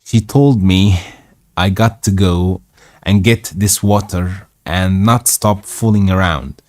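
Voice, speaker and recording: A man voicing a reluctant young boy carrying water, reading the dialect haltingly. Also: low voice. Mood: pleading.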